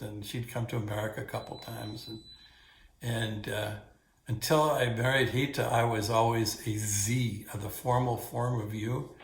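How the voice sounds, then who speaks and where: Older male grandfather storyteller, meandering and halting, recorded in a roomy space. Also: medium pitch, creaky. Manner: meandering, full of pauses and fillers. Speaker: grandfather telling family stories. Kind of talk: casual rambling storytelling. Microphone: battery-powered recorder or phone. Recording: roomy echo.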